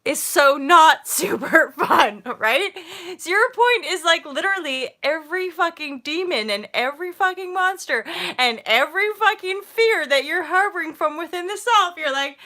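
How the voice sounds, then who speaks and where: Bright-voiced emotional woman rambling on a livestream. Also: extremely high pitch, expressive, a little slow. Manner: rambling and emotional, many fillers and swearing; swings between laughing and tearful outbursts. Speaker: host and founder of a spiritual movement. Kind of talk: casual livestream monologue.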